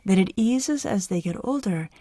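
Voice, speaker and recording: A middle-aged woman psychologist hosting a podcast, explaining conversationally with an animated, easy manner. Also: medium pitch, moderate pace, no room sound. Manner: animated, explanatory, laughs easily. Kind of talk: conversational expert advice.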